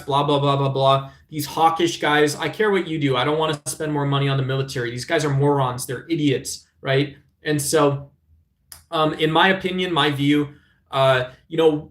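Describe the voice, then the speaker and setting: A man's voice: on the high side, fairly bright tone. Rambling middle-aged man in an echoey room. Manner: rambling and combative, frequent "right?" tag questions. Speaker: live-stream host. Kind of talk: casual live-stream chat about politics.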